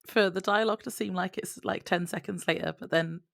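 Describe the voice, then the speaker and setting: A woman's voice: on the low side, fairly even intonation, fairly quick, vocal fry, a bit bright. A woman co-hosting a podcast, chatting casually and adding side notes. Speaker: podcast co-host. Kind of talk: casual chat.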